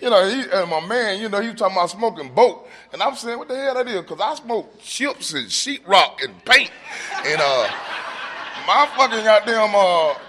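Man, from Atlanta, high pitched, piercingly bright tone, excitable, joking, swears, recovery meeting share. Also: moderate pace. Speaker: speaker sharing at a recovery meeting. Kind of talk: personal testimony at a meeting.

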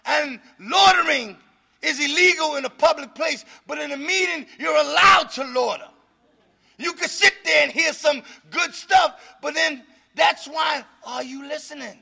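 This man's recovery-meeting testimony comes in a shrill, bright, high voice roughened by gravel, and he speaks a little slowly. He sounds more like a preacher than a chatter, breaking into shouts for emphasis and laughing between points.

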